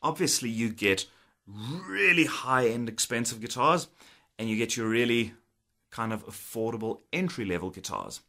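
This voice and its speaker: Chatty man with a bright voice. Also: mid-range voice, lively intonation, moderate pace. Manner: chatty, laughs often, acts out old conversations. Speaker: guitar technician. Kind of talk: casual storytelling to camera.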